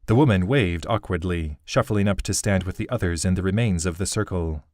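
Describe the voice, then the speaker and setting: Male audiobook narrator, low voice, dry studio sound, even and unhurried telling. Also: no echo. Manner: even, steady storytelling. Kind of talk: scripted narration.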